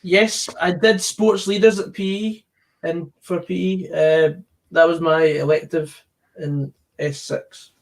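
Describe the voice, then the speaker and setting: A man's voice: on the high side, steady tone, takes it slowly. Man hosting a live stream. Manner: casual, reads out viewer questions. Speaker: stream host.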